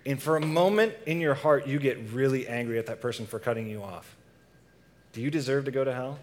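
A man's voice: mid-range voice, fairly quick, darkish tone. A young man preaching a casual sermon to a youth group, asking the audience questions and reading scripture.

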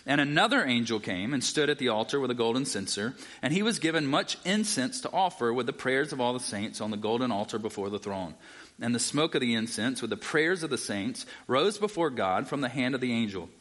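Man, conversational sermon, Bible teacher, reads scripture aloud, checks in with the room, mid-pitched voice. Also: animated, fairly quick, a bit bright. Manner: casual, checks in with listeners.

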